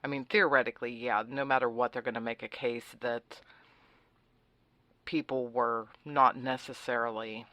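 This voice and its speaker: A woman's voice: very deep voice, fairly even intonation, moderate pace, pushed and bright, dry recording. Sarcastic woman talk radio host, dry sound. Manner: sarcastic, facetious; opinionated, conversational. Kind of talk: political talk radio monologue.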